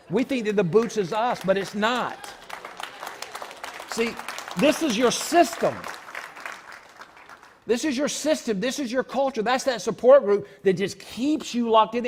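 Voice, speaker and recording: A man preaching a sermon in church, repeating lines for emphasis and breaking into loud shouts. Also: high-pitched, a little hiss or hum. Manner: preaching with sudden shouted outbursts; repetitive, emphatic delivery. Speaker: pastor. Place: church sanctuary.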